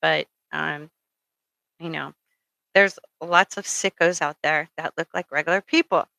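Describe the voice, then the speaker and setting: A woman's voice: deep voice, fairly even intonation, unhurried, vocal fry, pushed and bright, no room sound, poor audio. A middle-aged woman giving rambling, casual spiritual advice, full of ums and checking in with "okay?". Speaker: spiritual speaker.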